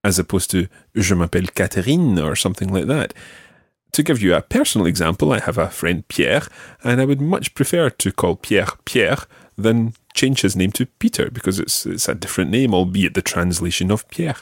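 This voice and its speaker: Male French tutor, husky lower voice, very animated intonation, patient and clear. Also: no echo, clean studio sound. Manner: patient, models phrases slowly and clearly. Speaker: French teacher. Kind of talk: language lesson with a learner.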